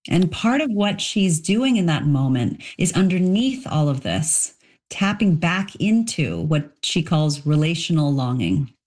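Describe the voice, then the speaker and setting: Woman author, middle-aged, low voice, reflective interview answers. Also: sing-song, measured pace, darkish tone. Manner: thoughtful, explanatory, with frequent restarts.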